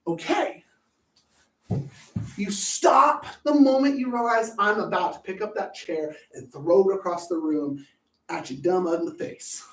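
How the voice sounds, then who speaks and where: A man hosting a live talk on anger management, blunt and profane, swinging between loud outbursts and low asides. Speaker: host. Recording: echoey room, voice far from the mic.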